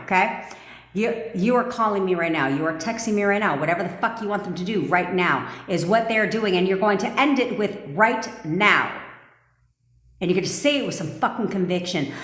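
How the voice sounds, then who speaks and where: A woman's voice: mid-range voice, fairly bright tone. Blunt, swearing woman coach, echoey room. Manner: blunt, profane and commanding; laughs and jokes with viewers. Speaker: manifestation coach. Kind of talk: live-stream coaching talk. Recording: echoey room with long reverb.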